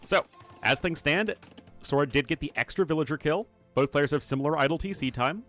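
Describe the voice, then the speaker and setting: Casting a strategy game live, this game caster and streamer chats and rambles with asides, addressing his chat directly. His voice is on the high side and a bit bright, he talks a little fast, and faint music plays behind him.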